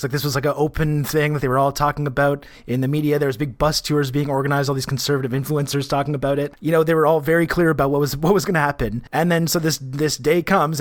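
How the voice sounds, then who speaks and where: Man, podcast co-host, rapid, wry, rambling, dry recording. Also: a little high, no echo. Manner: rambling, many restarts, wry. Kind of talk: casual podcast chat.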